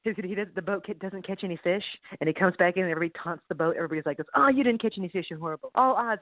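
A woman co-hosting a faith podcast, telling stories in a lively way and laughing often. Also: on the low side, no room sound. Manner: animated storytelling, laughs often. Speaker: podcast co-host. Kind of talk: casual faith chat. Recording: dry phone-like line.

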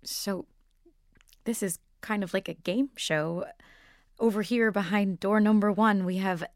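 A woman's voice: mid-range voice, fairly even intonation, unhurried, dry recording, studio quality, natural voice. An actress playing a wry, teasing young woman writer in an audio drama. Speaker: waitress and writer.

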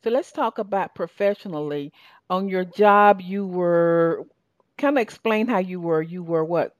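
A woman's voice: fairly low pitch, measured pace, no echo, muffled recording. A woman spiritual coach hosting an interview, speaking emphatically and repeating points for stress.

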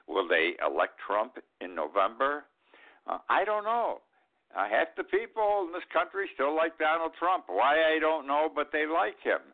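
A man's voice: a little high, big pitch swings, normal speed. An older man hosting a talk show, giving an indignant, emphatic political commentary and repeating his points. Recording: tinny phone-like line.

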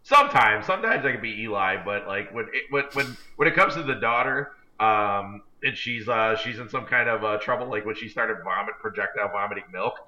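A man's voice: lowish voice, brisk, hardly any pauses, sharp tone. A man co-hosting a podcast, telling a long self-deprecating story in a rambling, casual way. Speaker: podcast co-host. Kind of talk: casual chat. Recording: dull lo-fi recording.

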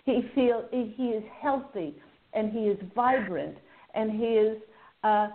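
A woman's voice: a little high, takes it slowly. A woman hosting a call-in radio show, giving psychic readings in an effusive, filler-laden way. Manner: warm, effusive, relays messages with many fillers. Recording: phone-like narrow audio.

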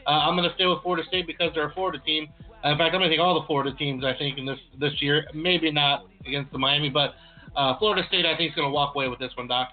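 A man co-hosts a casual sports chat, easygoing and full of "uh" fillers. His voice is fairly high with fairly even intonation, and he talks at a racing pace over a tinny, phone-like line.

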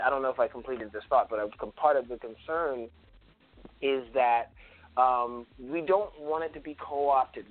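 A man from South Carolina, a guest in an interview, talking thoughtfully with many pauses and ums as he tells stories. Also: mid-range voice. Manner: thoughtful, frequent ums, storytelling. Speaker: guest, cultural preservationist. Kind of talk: conversational interview. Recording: phone-like lo-fi audio.

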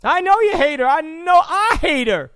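A man putting on the voice of a stern middle-aged man who keeps shouting commands for quiet in a bossy, repetitive rant. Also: extremely high pitch, very animated, moderate pace, no room sound, studio quality, voice pushed up, heavily acted.

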